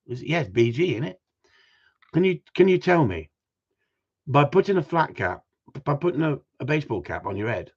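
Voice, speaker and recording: A man chats to his livestream audience in a joking, teasing way, laughing often between lines. His voice sits at a middle pitch for a man. The stream audio sounds dull and lo-fi. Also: breathy edge. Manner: joking, banters with chat, frequent laughs. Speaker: livestream host. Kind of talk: casual livestream chat.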